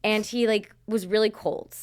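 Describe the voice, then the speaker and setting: A loud, opinionated young woman from the Chicago area, a podcast guest telling stories in casual chat. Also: mid-range voice, fairly even intonation, moderate pace. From Chicago area, USA.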